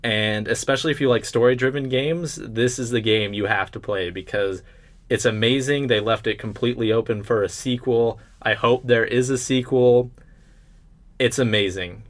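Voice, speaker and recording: A man's voice: medium pitch, normal speed. A young man co-hosting a podcast, chatting with enthusiasm about video games and filling his talk with "like". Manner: enthusiastic, chatty, many "like" fillers. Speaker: podcast co-host.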